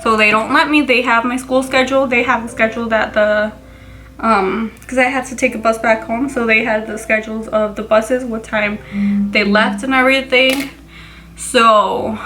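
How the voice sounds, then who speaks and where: A young woman tells her own story straight to the camera, candid and profane, often acting out what others said. Her voice sits a little high and sounds bright and forward. Faint music plays underneath. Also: steady tone, normal speed, poor audio. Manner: candid, profane, emotional retelling with quoted voices. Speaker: vlogger. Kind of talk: personal storytime.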